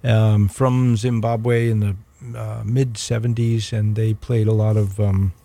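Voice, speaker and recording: A young man at a college radio mic, talking in a low, gravelly voice with a dark, mellow tone. He back-announces songs casually, halting often with ums and restarts. The sound is dry and close. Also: little pitch movement, no room sound.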